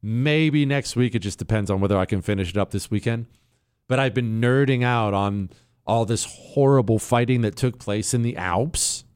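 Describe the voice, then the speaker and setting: A man hosting a talk radio show, sarcastic and chatty, often jumping into a mocking high pitch. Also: moderate pace, a little mellow, clean tone, no room sound, clean studio sound. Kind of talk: casual talk radio commentary.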